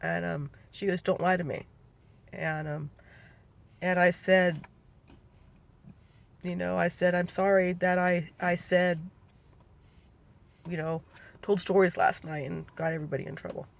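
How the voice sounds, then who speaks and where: A woman's voice: on the low side, level tone, measured pace, creaky, pauses often. A middle-aged woman telling a personal family memory in a rambling, conversational way that keeps correcting itself. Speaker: family storyteller. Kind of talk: personal oral-history recollection.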